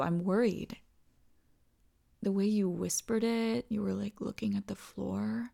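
A woman in a whispered role-play as a doting partner, talking softly and tenderly and often dropping into whispers. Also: medium pitch, steady tone, unhurried, vocal fry. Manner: soft, tender, soothing, slips into whispers. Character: doting, reassuring partner comforting the listener.

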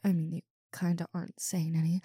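A woman's voice: on the low side, dark tone, no echo, studio quality. A woman voicing a big, muscular wolf monster girl who stammers, swears and talks bluntly in an audio role-play.

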